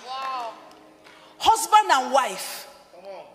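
A woman pastor, preaching a sermon in a chatty, animated way and talking straight to the congregation. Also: sits high, slow pace, a crowd in the background, noisy background. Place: large church hall. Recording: long hall reverb with faint music.

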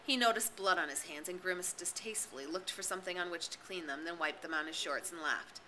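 A woman's voice: fairly low pitch, quick pace, pushed and bright, a little hiss or hum, low-quality recording. A woman narrating a novel as an audiobook, reading expressively and dramatically. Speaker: reader and tutor.

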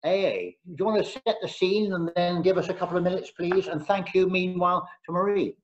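A man's voice: sits high, brisk. Hesitant man hosting, dull lo-fi sound. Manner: hesitant, with fillers and repeated words. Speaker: host of a book launch. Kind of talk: casual event hosting. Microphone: video call.

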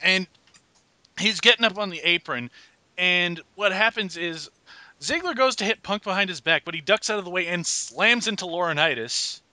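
A man with a very bright, forward voice hosts a wrestling podcast and walks through match action step by step. His remarks are dry and sarcastic, and his voice sits a little high and close to the mic. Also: moderate pace, dry recording. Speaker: podcast host. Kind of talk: casual wrestling recap chat.

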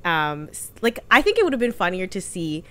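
Lowish voiced woman cohost, casual podcast chat, lots of ums. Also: big pitch swings, fairly quick, fairly bright tone. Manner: chatty, many fillers and restarts. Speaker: podcast co-host.

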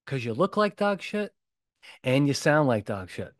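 A man's voice: mid-range voice, a little slow, no echo, clean studio sound. A man hosting his own podcast, talking bluntly and emphatically, with a lot of punchy repetition. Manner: emphatic and animated. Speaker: podcast host. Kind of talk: solo podcast talk.

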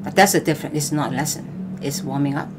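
An older woman, a guest vocal coach, talking in a live-stream interview, halting and repeating words with loose grammar. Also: low voice, background noise.

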